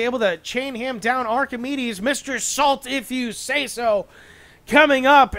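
A young man calling a video game match solo as play-by-play commentary, rapid and excitable, with joking asides about himself. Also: extremely high pitch. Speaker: esports caster.

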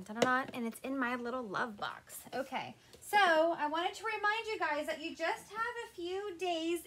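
A chatty woman hosts a live crafting stream with a high, bright voice. She greets her viewers one by one and keeps the talk light and casual. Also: a little hiss or hum.

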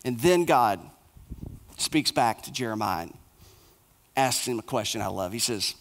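A male pastor preaching a sermon in short, repeated, emphatic phrases, dropping soft and low for the somber passages. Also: expressive, unhurried, pauses often.

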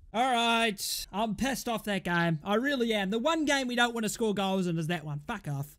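A man's voice: high voice, fairly bright tone. A young man casually commentating his football management game, swearing and exasperated at missed chances. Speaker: gaming YouTuber.

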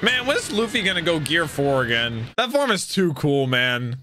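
Excitable young man reacting loudly. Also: on the high side, moderate pace. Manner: excitable, swings into loud outbursts. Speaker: anime reaction host. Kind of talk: casual reaction commentary.

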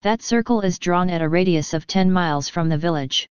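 Hearty confident inspector guy read by a lady, lowish smooth voice, audiobook. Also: a little fast, a little mellow, no echo, highs cut off, natural voice. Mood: brisk. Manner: confident, jovial. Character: brisk hearty male police inspector.

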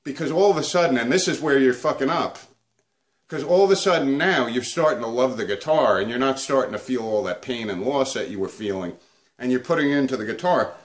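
A man's voice: medium pitch, a little fast. A man hosting a comedic guitar video, ranting crudely and swearing nonstop. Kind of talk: profane comedic rant to camera.

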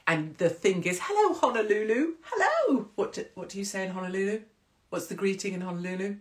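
A woman in her forties chats to her livestream viewers. She tells stories in an animated way and acts out the other people's voices. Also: medium pitch, brisk. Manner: chatty, animated storytelling with acted-out voices. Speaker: livestream host. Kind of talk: casual chat to live viewers.

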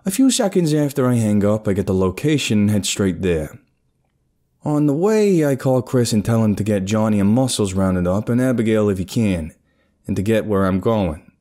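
A man narrating a dark first-person crime horror story in a casual, streetwise way. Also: fairly low pitch, lively intonation, moderate pace.

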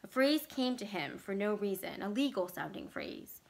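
A woman from library staff reading a horror story aloud in a measured, expressive manner. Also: mid-range voice.

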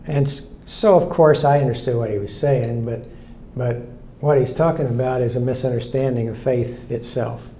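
Warm-toned older man preaching a sermon. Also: medium pitch, fairly even intonation, normal speed, reverberant, slight background noise. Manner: earnest, storytelling preacher who repeats key lines. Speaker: pastor.

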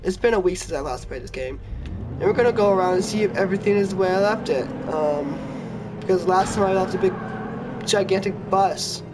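A man's voice: high voice, fairly quick, background noise. A man giving casual commentary over his gameplay, sleepy and yawning as he reads the game's prompts aloud. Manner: chatty, reads in-game text aloud, yawny and relaxed. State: tired, yawning. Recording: game music under the voice.

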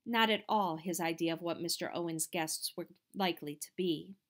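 A woman narrating an audiobook in a measured, expressive reading voice. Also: lowish voice. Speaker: audiobook reader.

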